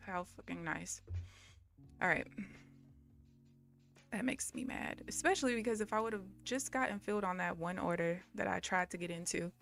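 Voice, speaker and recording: A woman chats casually to her viewers while she trades. Her voice sits low and has a gravelly fry. She talks bluntly, curses when frustrated, and soft music plays faintly underneath. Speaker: day trader live streaming. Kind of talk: casual live stream talk to viewers.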